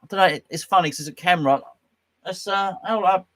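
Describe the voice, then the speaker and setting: A man's voice: sits high, fast, a bit bright. A man hosting a casual live stream from his home man cave, rambling and joking as he reads out chat comments. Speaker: host.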